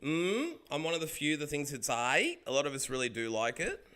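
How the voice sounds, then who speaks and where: An Australian man rambles through a casual gaming stream, swearing freely. His voice is bright and forward, and his pitch leaps around excitably. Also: normal speed, clean tone. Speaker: game streamer chatting with viewers. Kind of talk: casual chat while gaming.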